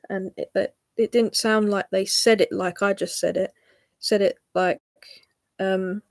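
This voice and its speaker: Woman chatting on a stream, lots of ums, pretty monotone. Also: mid-range voice, dry recording, clean studio sound. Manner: halting, frequent ums. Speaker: livestreamer. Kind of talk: casual personal storytelling.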